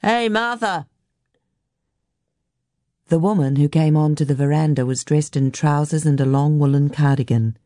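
A woman narrating a novel as an audiobook in a steady, measured way. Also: low voice, dry recording, studio quality.

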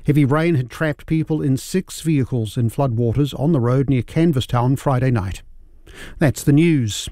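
A man with a New Zealand accent reading the news and weather forecast in a steady, formal way. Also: mid-range voice, moderate pace, no room sound, clean studio sound. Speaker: newsreader. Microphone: studio microphone.

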